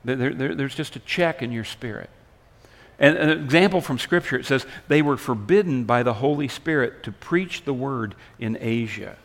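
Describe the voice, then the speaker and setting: A man preaching a sermon, his delivery swinging between loud emphatic lines and soft hushed ones. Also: mid-range voice, normal speed, long reverb tail. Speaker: pastor.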